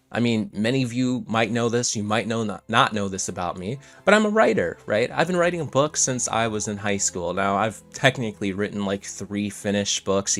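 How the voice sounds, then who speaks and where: Low-voiced man, blunt casual commentary. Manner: blunt, swears freely, conversational. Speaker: commentary channel host.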